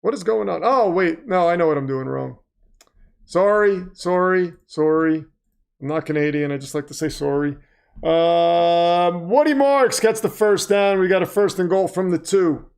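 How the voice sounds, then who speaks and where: Casual male stream host, high clear voice, rambling play-by-play, self-deprecating, erupts with excitement. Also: normal speed. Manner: flustered, self-deprecating, breaks into excited shouts. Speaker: livestream host. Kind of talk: casual livestream commentary.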